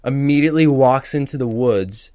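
A young man co-hosting a podcast, telling an animated story with lots of laughter and acted-out quotes. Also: mid-range voice, normal speed. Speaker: podcast co-host. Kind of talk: casual storytelling chat.

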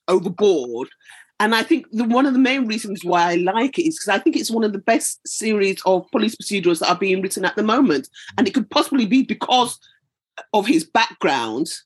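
Woman panelist, keen and casual, slightly husky. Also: mid-range voice. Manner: enthusiastic, casual, uses fillers like "kinda, like". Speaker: book club panelist. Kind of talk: casual chat.

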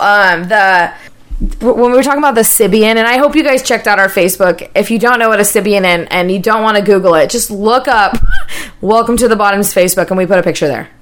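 A woman co-hosting a podcast, telling stories in casual chat, loud and laughing, swearing freely. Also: mid-range voice. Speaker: podcast co-host.

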